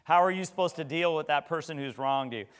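A man's voice: a little high, fast talker, smooth. A middle-aged man preaching a sermon in a conversational way, with rhetorical questions and frequent restarts. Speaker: pastor.

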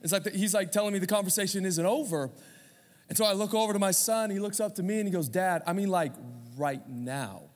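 Pastor, male, 30s, high-voiced, chatty sermon delivery with call-and-response, recorded in a reverberant hall. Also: fairly quick. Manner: conversational preaching with audience call-outs.

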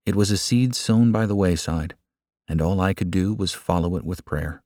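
Low male narrator, earnest and measured, dry close sound. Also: mellow, no echo. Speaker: audiobook narrator. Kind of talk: scripted narration of a religious book.

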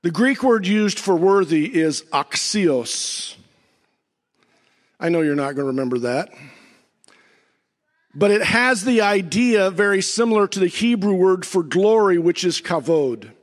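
A man pastor preaching a sermon, swinging from near-shouts down to low, slow emphasis with dramatic pauses. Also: animated, in a large hall.

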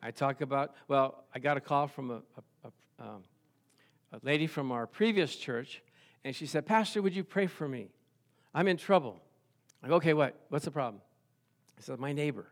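A man's voice: mid-range voice, normal speed. A middle-aged man, a pastor, preaching a sermon full of playful stories and acted-out voices.

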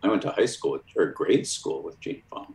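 Deep-voiced man telling rambling stories. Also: fairly quick, gravelly. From Chicago, USA. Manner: rambling, many fillers and restarts, lively quoted voices. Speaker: cartoonist guest. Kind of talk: casual storytelling. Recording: roomy echo.

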